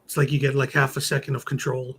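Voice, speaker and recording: A man's voice: mid-range voice, flat delivery, quick pace, fairly bright tone, a little hiss or hum. A man co-hosting a casual podcast, making dry quips and murmuring agreement. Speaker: podcast co-host. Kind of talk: casual chat.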